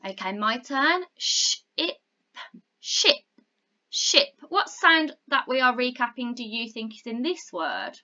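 Woman, primary teacher, bright voice, slow and clear, slightly dull recording. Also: fairly high pitch, big pitch swings. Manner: encouraging, slow and clear, sounding out words. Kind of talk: recorded phonics lesson for young children.

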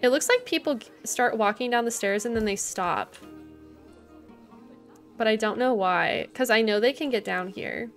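A woman's voice: a little high, normal speed, soft background music. A young woman livestreaming a zoo-building game, chatting casually, thinking aloud and greeting viewers in chat. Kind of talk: casual gameplay commentary.

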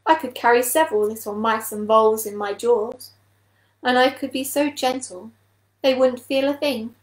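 A woman voicing a greedy, sly male adder in a storybook reading, with a slow drawl and a hiss. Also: on the high side, steady tone, reverberant, natural voice. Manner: drawling, hissing.

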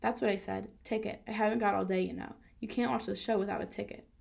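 Woman doing a gruff grumpy old dog, gravelly and impatient, storybook. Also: medium pitch, steady tone, fast, a little mellow. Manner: gruff, gloomy. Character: grumpy old male Scotty dog usher.

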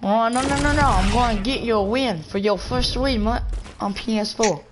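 A young woman chatting over a game in a put-on Australian accent, cocky and teasing, slipping "mate" into everything. Her voice sits a little high, and the noisy voice-chat line hisses under it. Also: normal speed. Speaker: gamer pranking strangers in voice chat. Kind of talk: trash-talking game voice chat.

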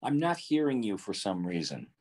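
An older man, a voice actor, answering interview questions over a video call in a relaxed, anecdotal way. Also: on the low side, normal speed. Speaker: voice actor guest.

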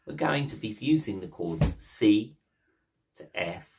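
Cheeky, slow-talking male ukulele teacher. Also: lowish voice, animated, gravelly, background noise. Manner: cheeky, playful, jokey. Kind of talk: casual instructional talk.

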